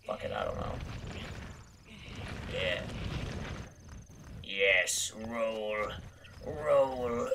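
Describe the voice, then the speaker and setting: A man's voice: low voice, wildly swooping pitch, extremely slow, gravelly, long pauses, background noise. A young man giving casual, self-mocking gameplay commentary, swearing often. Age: young adult. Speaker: gaming video host.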